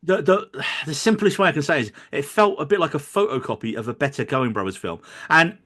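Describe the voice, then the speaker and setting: This podcast co-host is a man with a fairly high, slightly bright voice and lively intonation, speaking a little fast. He keeps the film talk casual and jokey, stumbling over names now and then.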